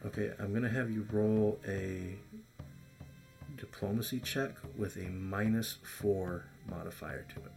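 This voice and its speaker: A man narrating as game master of a tabletop game, halting, with many fillers. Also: lowish voice, creaky, a little mellow, soft background music.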